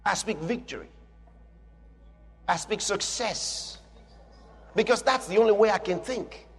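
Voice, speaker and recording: A man preaching a sermon with emphatic, repeated declarations that climb into shouts. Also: sits high, unhurried. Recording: long reverb with faint music behind.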